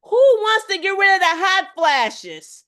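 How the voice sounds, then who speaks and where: A woman health coach giving an energetic, preachy lecture, calling to her audience again and again and swinging between loud exclamations and low asides. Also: slow pace. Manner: emphatic, preachy, calls to the audience with repeated "y'all" and "okay?".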